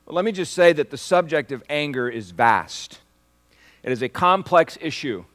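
Man preaching with big hushed-to-loud swells. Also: mid-range voice. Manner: asks the congregation for responses. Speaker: pastor. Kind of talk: sermon.

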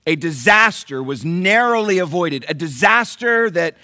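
A pastor preaching a sermon in church, animated, asking the congregation questions. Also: male voice, on the high side, measured pace.

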